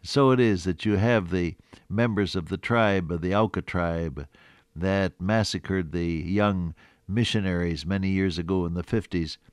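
An older man preaching a sermon, teaching slowly and deliberately from a Bible passage, with frequent hesitant restarts. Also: deep voice, clean tone, no room sound, clean studio sound.

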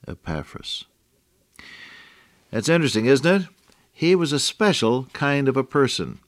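A man's voice: mid-range voice, very animated, unhurried, long pauses, dry recording. An older man teaching the Bible on the radio in a folksy, affectionate way that often breaks into a chuckle.

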